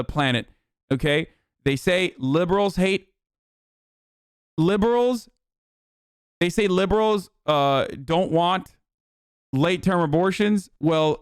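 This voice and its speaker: A man's voice: fairly high pitch, clean tone, dry recording, studio quality. A man hosting a stream, giving heated, profane casual political commentary. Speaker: streamer host.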